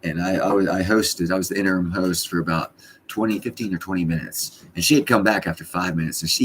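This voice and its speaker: Speaking in a low-sitting voice with slight noise behind him, a middle-aged man hosts a live stream from his home. The chat is casual and meandering, and he's blunt and profane throughout.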